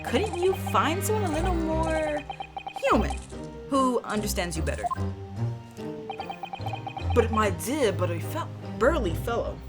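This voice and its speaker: A woman voicing an eccentric, theatrical gentleman detective who speaks in quick, grandiose exclamations over game music. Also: on the high side, sing-song, pitched above the performer's own voice. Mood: incredulous.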